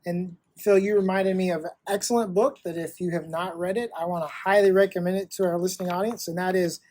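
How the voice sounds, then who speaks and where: A male podcast host who thanks the guest and speaks to listeners in a measured way. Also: high voice, fairly even intonation, a little mellow. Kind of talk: interview host wrap-up.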